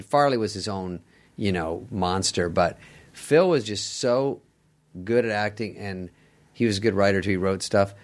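A middle-aged man sits in on a casual podcast chat and tells comic stories. His voice sits a bit low, and his delivery is wry and sarcastic, with quick impressions of other people thrown in. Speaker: podcast guest, comedian.

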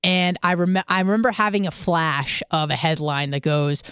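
A young woman from San Diego, casually telling a profane, animated personal story and quoting the people in it. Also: on the low side, moderate pace, clean tone, dry recording, clean studio sound. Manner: animated, profane, quotes others.

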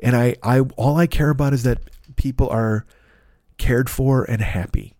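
A man's voice: mid-range voice, moderate pace, darkish tone, dry recording. A man hosting a podcast in a casual solo monologue, rambling and self-critical with many restarts. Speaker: podcast host.

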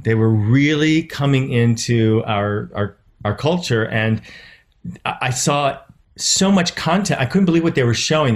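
A middle-aged man, an actor and producer, telling stories as an interview guest and acting out the people he quotes. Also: mid-range voice. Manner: animated, acts out quoted voices with laughs. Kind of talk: casual interview storytelling.

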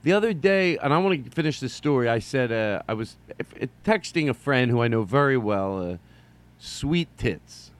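A middle-aged man hosting a solo comedy podcast, rambling and joking, jumping from loud bursts to mumbled asides. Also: mid-range voice, lively intonation, normal speed. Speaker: podcast host.

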